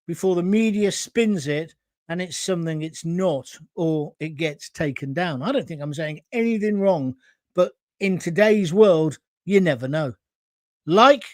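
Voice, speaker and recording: A man's voice: high-pitched, no echo. A man hosting a political livestream, talking bluntly and combatively straight to his viewers. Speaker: livestream host.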